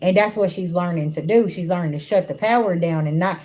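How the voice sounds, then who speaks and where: A woman's voice: on the low side, fairly quick, a little mellow. A woman doing a livestream spiritual reading, talking bluntly and casually to her viewers. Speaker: spiritual reader. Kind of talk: livestream tarot-style reading.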